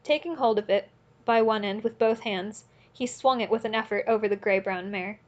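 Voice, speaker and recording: A woman narrating an audiobook in a steady, earnest reading voice, now and then correcting a slip. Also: mid-range voice, moderate pace, highs cut off. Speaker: audiobook reader.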